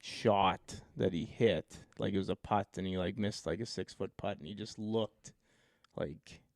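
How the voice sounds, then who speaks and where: A man's voice: low-pitched, a little slow, dry recording, clean studio sound. A man co-hosting a golf podcast, chatting in a laid-back, rambling way. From Saskatchewan, Canada. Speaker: podcast co-host. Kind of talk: casual chat.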